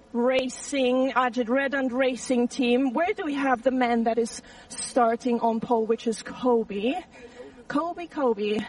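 A woman's voice: high-pitched, far from the mic, poor audio. Bubbly woman reporting from the race grid. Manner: chatty, bubbly, talks freely. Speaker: pit lane reporter. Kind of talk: live trackside interviewing.

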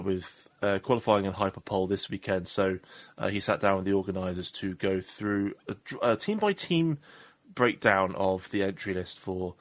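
A man's voice: low-pitched, no echo. A man hosting a podcast in casual chat, rambling and self-deprecating with jokes. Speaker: podcast host.

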